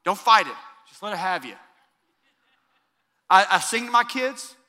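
A man in his thirties preaching a sermon, emphatic and repetitive, swinging between loud calls and soft, quiet lines. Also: high-pitched, animated, measured pace, big-room sound. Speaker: pastor.

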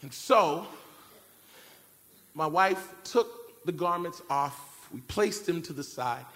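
A man preaching a sermon, telling a family story in an animated way and acting out shouted cries. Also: a little high, slow. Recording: long reverb of a large hall. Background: keyboard music.

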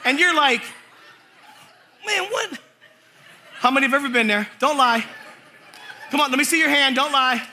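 A man preaching a lively, comic sermon to a church congregation, telling stories with acted-out quotes. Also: very high voice, a little fast, a little hiss or hum. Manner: animated storytelling with acted quotes and laughter.

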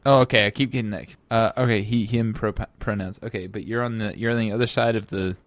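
A man's voice: on the low side, fairly even intonation, fast, no room sound. A man hosting a lighthearted comedy podcast, playfully interviewing a guest and stammering through his questions. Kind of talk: casual comedy podcast chat.

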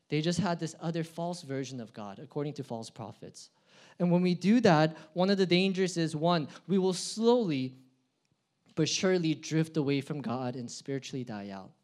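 High-voiced young preacher, swinging loud to quiet. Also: male voice. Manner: swings between loud emphatic build-ups and quiet low asides. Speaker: pastor. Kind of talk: sermon.

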